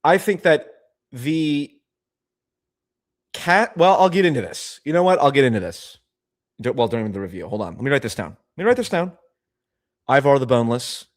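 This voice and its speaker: A man's voice: medium pitch, big pitch swings, normal speed, long pauses. Male streamer, casual chat, chatty, self-interrupting, mid-range voice. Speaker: livestream host.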